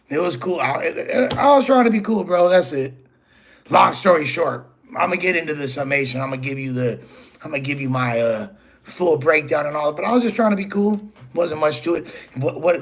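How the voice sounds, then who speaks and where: A man's voice: on the high side, a bit bright, breathy edge. A man hosting his own channel, talking straight to a rival in a rambling, profane, casual monologue full of "bro" and "you feel me". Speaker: host.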